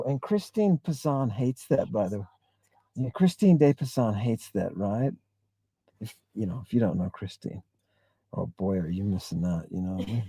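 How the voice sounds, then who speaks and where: This livestream host has a medium-pitched, mellow voice, recorded with no room sound. He rambles with emphasis while reading and responding to chat comments, constantly checking in with "right?".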